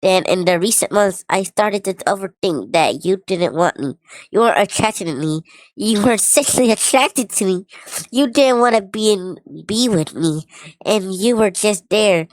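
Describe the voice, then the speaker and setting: A woman streamer voicing a cute, squeaky e-girl through a voice changer, reading in a mock-sweet, pleading way. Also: expressive, measured pace, no room sound, low-quality recording.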